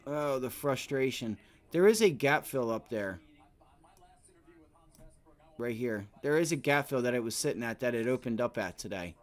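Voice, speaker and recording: A man in his thirties talks through his trades on a live stream, half to his viewers and half to himself. His voice sits at a middle pitch, and his running commentary is loose and unscripted, with the odd curse word. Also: lively intonation, normal speed, long pauses. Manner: talks to himself and the chart, swears, frustrated at times. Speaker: day trading livestream host. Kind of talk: casual live trading commentary.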